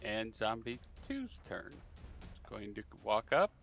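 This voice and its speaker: A man's voice: lowish voice, very animated, measured pace, creaky, fairly bright tone, muffled recording. A man running a tabletop game as dungeon master, calling out turns and damage.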